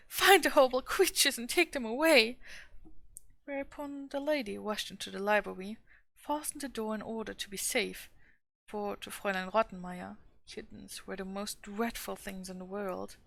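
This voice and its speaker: Gravelly-voiced woman reading a story aloud. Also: medium pitch, a bit bright. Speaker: streamer reading a novel aloud.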